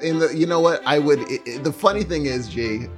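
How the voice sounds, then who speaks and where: A man's voice: on the high side, fairly quick, music in the background. A man from the United States in casual banter, teasing and laughing often. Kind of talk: casual chat.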